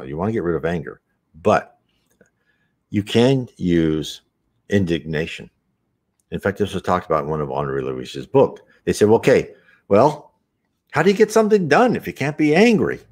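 A man's voice: deep voice, darkish tone. A man hosting an unscripted spiritual talk, earnest and rambling, with frequent restarts and asides.

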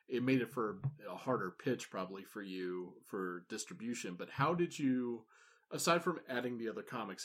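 A male interviewer asking long, measured questions with small pauses. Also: on the low side, a bit bright, slightly rough.

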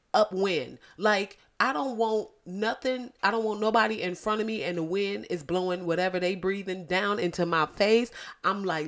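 A woman with a lisp hosting a podcast, talking in an animated, blunt and profane way straight to her listeners. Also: mid-range voice. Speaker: podcast host. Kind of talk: casual podcast commentary.

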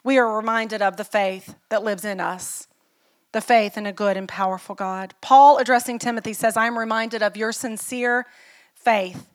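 A woman's voice: a little high, fairly even intonation, moderate pace. A middle-aged woman pastor preaching a sermon in an earnest, personal way, telling stories and asking the listeners questions.

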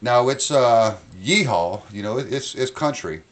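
A young man hosting a casual podcast, his talk loose and peppered with swearing. His voice sits at an ordinary middle pitch, and he jokes and laughs easily through the banter. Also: lively intonation, a little slow. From North Carolina, USA. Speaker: podcast host.

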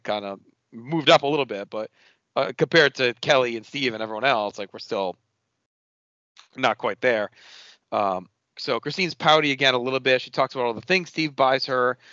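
Bright-voiced casual podcast man. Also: mid-range voice, moderate pace, no echo, highs cut off. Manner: animated, swears casually, acts out characters' lines. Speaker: podcast host. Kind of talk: casual chat, recapping a TV episode.

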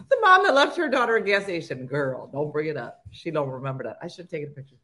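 A woman in her forties hosting a casual morning show, animated and acting out what people say. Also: sits low, fast, few pauses. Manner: animated, gasping and acting out quotes. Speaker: host.

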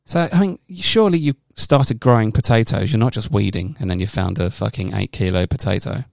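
A man's voice: on the low side, a little fast, gravelly, a little mellow, dry recording, studio quality. A man co-hosting a casual podcast, rambling and joking through a news story and swearing freely. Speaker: podcast co-host.

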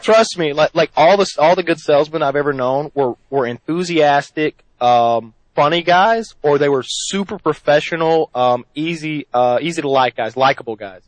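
A man's voice: fairly high pitch, normal speed, hardly any pauses, no room sound, rough recording. A man hosting a podcast in casual chat, joking and rambling with his co-hosts. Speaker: podcast host.

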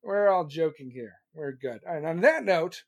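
Guy on a podcast, high voice, swears a lot, goofing on chat, dead dry room. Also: sing-song, normal speed, no echo, lo-fi sound. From United States. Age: adult, still working. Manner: profane, joking, rambling banter. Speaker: podcast host reading live chat. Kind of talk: casual live-stream chat.

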